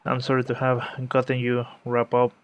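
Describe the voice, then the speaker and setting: A man voicing a remorseful middle-aged father in a video game who apologizes softly to his daughter. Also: medium pitch, monotone, normal speed, dull audio, a little hiss or hum, lightly acted. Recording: game music playing behind. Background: game music.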